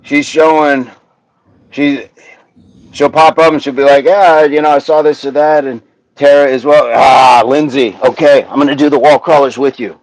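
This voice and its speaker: A man hosting a live workout stream, counting reps aloud in steady pairs and joking with the viewers who are following along. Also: mid-range voice, normal speed, no room sound, low-quality recording.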